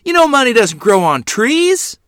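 A man voicing a stern, worried frontier mother in a read-aloud story, raising his voice high for her. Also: very animated, brisk, pushed and bright, no echo, studio quality. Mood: yelling. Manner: scolding, clipped.

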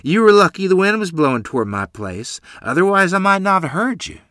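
남자가 연기하는 차분하고 듬직한 목장 이웃. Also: male voice, sits high, sing-song, brisk, bright, forceful tone, no room sound, clean studio sound, pitched above the performer's own voice, heavily acted. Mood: easygoing. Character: weathered ranch neighbor, calm and capable. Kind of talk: audiobook character voice.

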